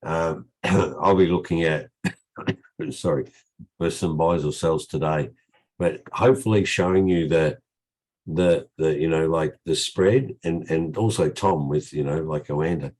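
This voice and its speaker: An older man with a croaky voice from a cold, hosting a casual trading session over a video call, chatty and rambling with frequent restarts. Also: very deep voice, a little slow, a little mellow.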